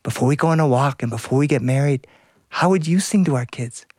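A male storyteller voicing a small, stubborn male mouse husband who speaks slowly and teasingly. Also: mid-range voice, darkish tone, no room sound, clean studio sound, lightly acted. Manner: slow, deliberate, teasing.

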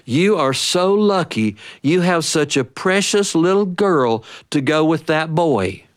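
A man's voice: a little high, animated, slow pace, pitched above the performer's own voice. A man voicing a gushing old woman in a told story, slightly raised and drawn out.

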